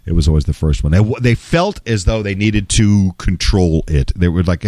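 A man's voice: low voice, animated, moderate pace, few pauses, dark tone, no room sound, clean studio sound. A male voice-over artist telling a casual story in a wry, conversational way, with some salty language.

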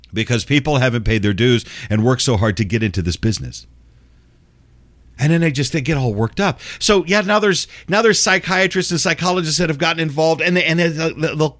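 A man's voice: on the high side, fairly bright tone. An older man hosting a podcast, ranting with constant swearing and cranky sarcasm. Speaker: radio and podcast host. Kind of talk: profane ranting commentary.

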